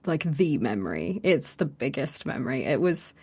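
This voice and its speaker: A woman with a very deep, breathy-edged voice co-hosts a podcast at a moderate pace. In casual chat she tells an animated story, acting out the quoted lines and using lots of fillers.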